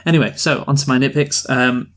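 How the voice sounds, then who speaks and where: Man, middle pitch, podcast co-host, wry, casual. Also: steady tone, brisk, a bit bright. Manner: wry, leads the list of complaints. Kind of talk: casual chat.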